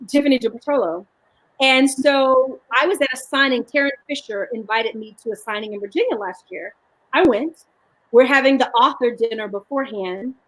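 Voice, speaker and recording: A woman's voice: a little high, a bit bright, poor audio. A woman author telling stories with animation and many restarts in a live video chat. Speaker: author guest.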